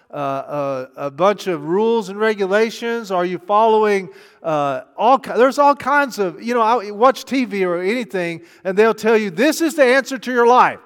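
A man preaching a sermon. He asks rhetorical questions and swings between hushed, intimate passages and emphatic, raised ones. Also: high-pitched, clean tone. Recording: long hall reverb.

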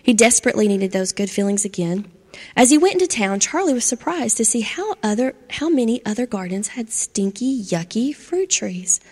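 Gravelly woman reading a children's story. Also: fairly high pitch, normal speed. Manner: expressive children's-story narration. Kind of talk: storybook read-aloud. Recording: long hall reverb.

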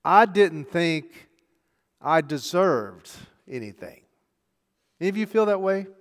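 A middle-aged man preaching a sermon, telling a story conversationally and moving between hushed and loud delivery. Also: high voice, big pitch swings, takes it slowly. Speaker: pastor. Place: church sanctuary. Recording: long church hall reverb.

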